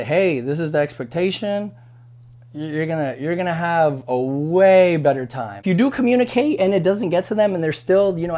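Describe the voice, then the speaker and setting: A man's voice: on the high side, a little mellow. A young man talks straight to the camera in a loose, conversational way. He repeats himself, restarts sentences and leans on fillers, sounding like a busser venting and giving advice after a shift. His tone is frank and unpolished. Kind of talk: casual advice monologue.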